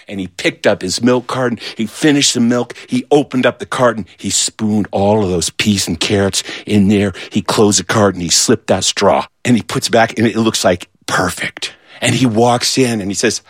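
A man telling a comic childhood story, animated and acting out the voices of the people in it. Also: moderate pace, no echo, clean studio sound. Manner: animated, acts out voices, big swings in pitch.

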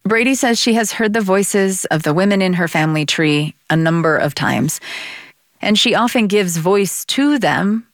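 A woman who hosts and narrates, reading her script in a measured, reflective way between interview questions. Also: medium pitch, expressive, no room sound, studio quality.

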